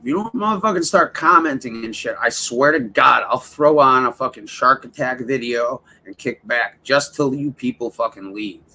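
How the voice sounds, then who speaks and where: A man's voice: medium pitch, lively intonation, moderate pace, hardly any pauses, sharp tone. A man hosting a casual livestream, rambling and swearing as he talks straight to his chat. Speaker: livestream host.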